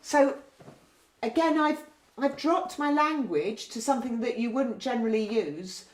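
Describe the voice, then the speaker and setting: A nurse explaining care to health staff in a gentle, patient way, often ending points with tag questions. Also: female voice, fairly high pitch, expressive, unhurried. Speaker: community learning disability nurse. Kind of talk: training talk with role-play. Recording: roomy echo.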